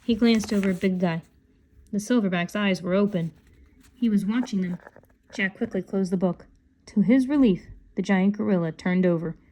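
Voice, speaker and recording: A woman reading a children's book aloud in a calm, unhurried voice. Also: mid-range voice. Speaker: storybook reader.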